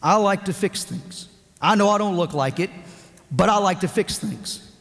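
A pastor's high, slightly bright voice fills a church sanctuary, the long hall reverb trailing his words as he speaks at normal speed. His sermon moves from a personal anecdote with acted-out quotes into forceful, emphatic preaching.

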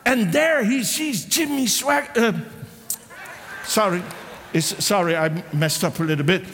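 A man preaching a sermon with passion, breaking into shouts and acting out the people in his story. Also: high voice, animated, a little slow. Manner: impassioned, exclaims and voices the characters. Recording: long hall reverb.

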